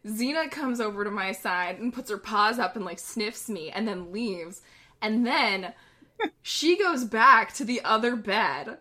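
This young adult podcast co-host has a medium-pitched voice that sounds bright and forceful. In an unhurried, animated way, she wanders through stories during casual chat, laughing often.

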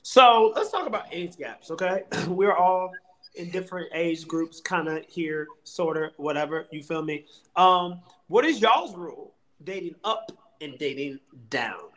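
Man, podcast co-host, slightly high voice, animated, emphatic, slangy casual chat. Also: a little slow, slight background noise, rough recording.

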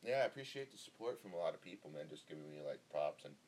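A man's voice: rumbling low, lively intonation, quick pace, a little mellow. A young man from Northern California hosting his own podcast in a rambling, profane, laid-back solo monologue full of fillers, speaking close into the mic. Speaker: podcast host. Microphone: close podcast microphone.

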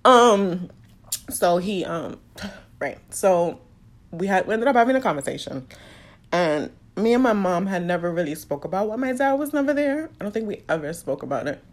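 A woman's voice: on the low side, lively intonation, fairly quick, darkish tone. A woman openly telling a personal story, emotional and fighting back tears. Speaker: podcast host sharing a personal story.

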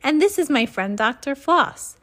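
A woman voicing a squeaky male monkey puppet who tells silly jokes in a storybook read-aloud. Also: expressive, a little slow, a bit bright. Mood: joking. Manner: goofy jokey patter.

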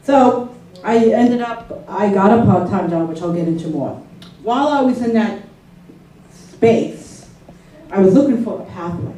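A woman shares a personal story with an audience in a loose, conversational way and keeps checking in with her listeners. Her voice is dark and mellow. She is picked up by a distant mic in a very echoey room with a faint hum of noise. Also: mid-range voice, expressive, unhurried.

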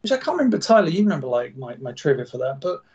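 A man's voice: on the high side, big pitch swings, racing, darkish tone, breathy edge. Man with dull lo-fi sound. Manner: stumbling, self-deprecating, laughs at own slips. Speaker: podcast host reading an old script. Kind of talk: casual chat and reading aloud.

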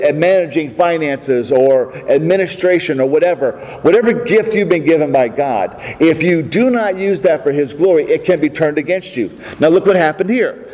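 A man's voice: fairly high pitch, a little mellow, in a large hall, rough recording. A man preaching a sermon in a folksy style, with humorous asides and rhetorical questions. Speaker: pastor.

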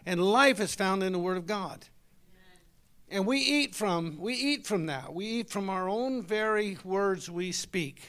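A man's voice: high-pitched, animated, a little slow, a bit bright. A middle-aged man, preaching a folksy, conversational sermon and talking with his congregation.

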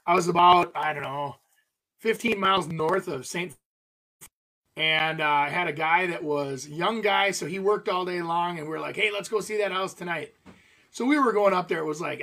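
A man who works as a realtor, telling stories in an animated, jokey way and laughing as he talks. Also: on the high side. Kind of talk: casual storytelling chat.

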